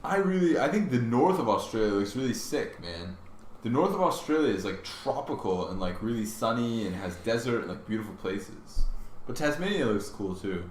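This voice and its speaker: Relaxed male co-host, mid pitch, jokey banter in a reverberant room with soft hiss. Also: moderate pace. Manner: joking, laid-back, swearing. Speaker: podcast host. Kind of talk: casual chat. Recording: roomy echo, faint noise.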